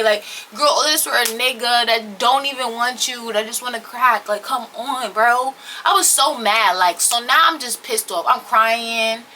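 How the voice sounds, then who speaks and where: Bright-voiced young woman ranting a storytime. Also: on the high side, a little hiss or hum. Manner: animated, profane, slangy, emphatic. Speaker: storytime vlogger. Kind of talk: casual storytime chat to camera. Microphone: camera or phone on-board mic.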